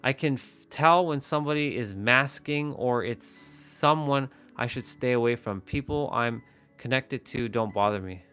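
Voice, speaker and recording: A man hosts a live stream, chatting casually and rambling to the camera, starting over again and again, picked up by a phone or webcam. His voice is medium in pitch and fairly bright, at normal speed, with faint music behind.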